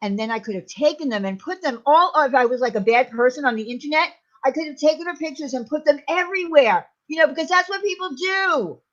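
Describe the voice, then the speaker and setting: A woman co-hosting a casual livestream and chatting in an animated way. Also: high-pitched, fast talker, few pauses. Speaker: co-host. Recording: dull lo-fi sound.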